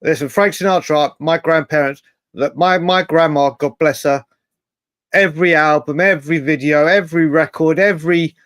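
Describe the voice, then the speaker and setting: A man's voice: fairly high pitch, fairly even intonation, normal speed, fairly bright tone, no echo, studio quality. A man co-hosting a casual football chat show, rambling with lots of restarts and the odd swear word. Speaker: podcast co-host.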